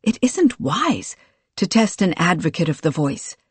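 A narrator voicing a wary exiled female warrior who talks back in a sharp, challenging way in an audiobook. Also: fairly low pitch, very animated, measured pace, husky, dry recording, full character voice. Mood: wary, defiant.

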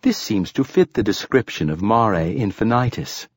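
A man voicing a calm, formal male android companion who speaks in a measured, precise way. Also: fairly low pitch, a little hiss or hum, natural voice.

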